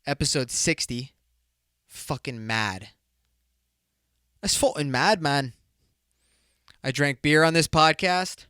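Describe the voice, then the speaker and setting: A man's voice: a little high, slow, long pauses, sharp tone, smooth, no echo, clean studio sound. A young man hosting his own podcast, rambling loosely in a casual, profane, bro-ish way. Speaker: podcast host. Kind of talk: casual solo podcast talk.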